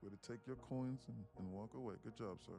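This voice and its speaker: A man's voice: on the low side, fairly quick, gravelly, over music. A man live-streaming his day trading, bantering loosely with chat in slangy, joking talk and cursing freely.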